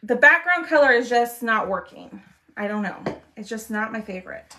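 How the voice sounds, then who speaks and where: A woman's voice: a little high, animated, moderate pace, sharp tone. A woman, chatting casually with viewers while she crafts on a livestream, trailing off as she concentrates.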